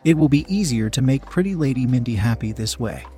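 A man's voice: mid-range voice, animated, fairly quick, mellow, faint music behind, close to an everyday voice. A man voicing a small, strong male creature who speaks in simple, broken phrases. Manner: simple broken speech, speaks of others in third person.

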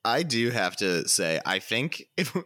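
A man co-hosting a podcast over a video call, animated and often laughing mid-sentence. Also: on the low side, a little slow, dry recording, clean studio sound. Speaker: podcast co-host. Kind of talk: casual chat.

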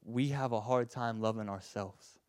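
In a fairly low voice and at an ordinary pace, a man preaches with passion, alternating hushed tenderness with loud emphasis. Stammers and repeated words come often as he presses each point, and no room sound is audible.

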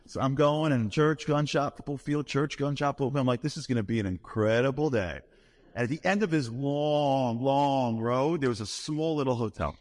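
A man telling a humorous story to a live audience in a lively, playful, self-deprecating way. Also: mid-range voice. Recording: long hall reverb.

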